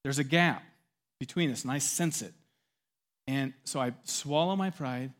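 A middle-aged man preaching a sermon with animated delivery, acting out quotes and swelling loud at key points. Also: mid-range voice, unhurried. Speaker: pastor.

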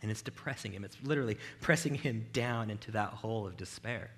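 A man's voice: fairly low pitch, fast talker. A male pastor giving a conversational sermon in a church, with frequent rhetorical "right?" asides. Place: church with video cameras.

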